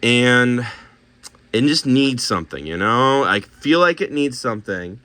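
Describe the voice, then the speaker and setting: Bright-voiced man musing over miniature paints. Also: medium pitch, expressive, unhurried, a little hiss or hum. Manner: musing, talks himself through choices, restarts. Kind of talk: casual thinking aloud while showing paints.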